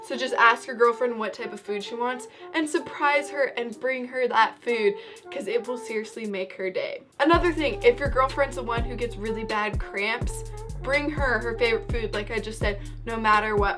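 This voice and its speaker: A young woman casually giving advice in a chatty, rambling vlog, a little out of breath. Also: on the high side. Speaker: vlogger.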